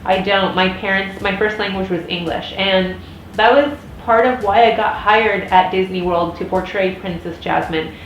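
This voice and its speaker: Woman, 30s, American accent, casual vlog rant, rambling with fillers, middle pitch, echoey room. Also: moderate pace. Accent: General American. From United States. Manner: chatty, frequent restarts and fillers. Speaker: vlogger. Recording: echoey room with faint noise.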